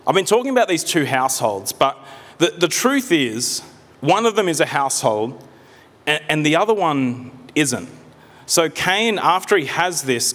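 A man preaching a sermon in a conversational way, with gentle humor and frequent restarts. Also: fairly high pitch. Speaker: pastor. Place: church hall. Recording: long hall reverb.

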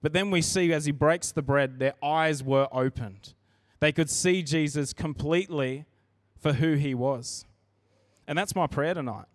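Guy preaching at church, kinda high voice, dry close sound, chatty and earnest, restarts a lot. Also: measured pace, dry recording. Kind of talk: sermon.

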